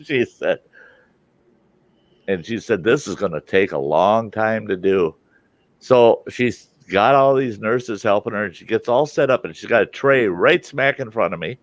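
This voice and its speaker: An older man tells a story casually and animatedly, slipping into the voices of the people he quotes. His voice sounds close and dry, with no room echo. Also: on the low side. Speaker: storytelling host.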